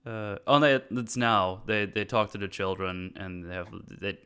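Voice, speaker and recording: A man hosting a casual movie review chat, retelling scenes in quick quoted voices and laughing often. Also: fairly low pitch, pushed and bright, clear, resonant tone. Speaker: podcast host.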